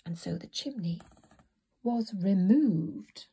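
Woman storybook narrator, soft whispery reading, gravelly, husky. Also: mid-range voice, expressive, takes it slowly.

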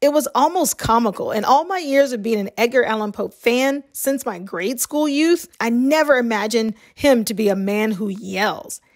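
A woman with a light Southern US accent and a slightly high voice narrates a film review. She reads in an even, measured way, as if from a script, setting out each point in turn. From Southern United States.

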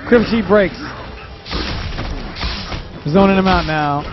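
A man's voice: high-pitched, takes it slowly, muffled recording, music in the background. A man commentating a fighting game match in casual, profane, joking banter.

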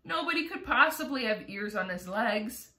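A woman's voice: fairly high pitch, animated, normal speed, sharp tone. A woman voicing an eager, curious small boy in a storybook read-aloud. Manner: wondering, earnest. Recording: roomy echo.

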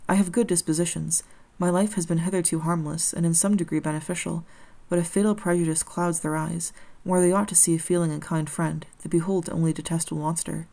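A woman voicing a gentle, lonely male creature who pleads in earnest, formal, old-fashioned speech. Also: lowish voice, steady tone, fast talker, gravelly, few pauses.

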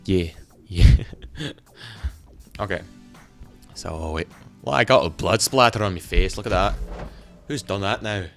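An excitable teenage boy rambles through his gameplay commentary, talking to himself as he plays. His voice sits fairly low for his age, with faint game music playing behind him. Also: a little slow, long pauses. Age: teens. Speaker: gaming channel host.

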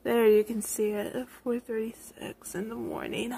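A nineteen-year-old woman vlogging at home at night, talking in a giddy, rambling way with breathless excitement, recorded on a handheld phone. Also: fairly high pitch, normal speed, vocal fry, breathy edge. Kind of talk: casual birthday vlog.

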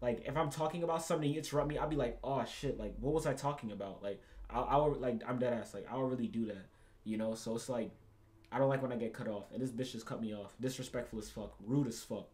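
A man's voice: medium pitch, steady tone, fast, darkish tone. A young man hosting a reaction video, ranting casually and profanely, repeating himself and calling the listener bro.

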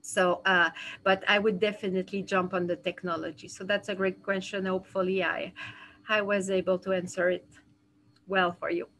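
A woman with a French accent giving a dental education webinar from her office, speaking haltingly with many fillers and restarts over a video call. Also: medium pitch, level tone, a bit bright, a little hiss or hum, low-quality recording. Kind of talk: webinar lecture with Q&A.

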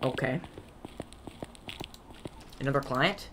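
Bright-voiced horror game player, joking. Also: medium pitch, animated, unhurried, pauses often. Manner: joking, reads in-game text aloud and talks back to it; yells playfully in tense moments. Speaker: gaming video creator. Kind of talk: playing and narrating a horror game.

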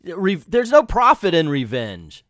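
A man's voice: high-pitched, huge pitch swings, unhurried, fairly bright tone, dry recording, clean studio sound, voice pushed up, full character voice. A man voicing a cocky male mercenary robot bounty hunter in a brash, raised voice.

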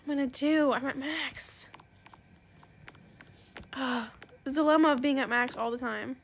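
A woman giving casual gameplay commentary, excitable and gushing, then soft and apologetic when she turns down offers. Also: sits high, moderate pace, a little hiss or hum. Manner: apologetic, soft-spoken when declining trades. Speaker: gaming video creator.

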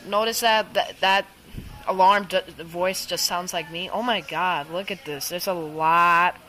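A woman filming an excited, rambling weather vlog outdoors in a storm, stumbling over words with lots of fillers. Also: lowish voice, measured pace, a little hiss or hum, rough recording. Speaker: amateur weather vlogger.

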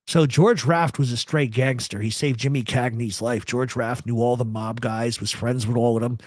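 A man's voice: medium pitch, steady tone, normal speed, no echo, studio quality. A man hosting a live talk show, giving blunt, rambling opinions to viewers in the chat. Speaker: host. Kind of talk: live radio chat answering a chat.

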